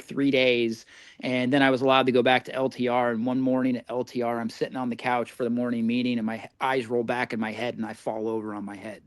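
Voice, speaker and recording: A man's voice: medium pitch, clean tone, no room sound. Guy in his 40s from indiana, podcast guest, chatty storyteller, laughs at his own stuff, dry close sound. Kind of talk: casual storytelling.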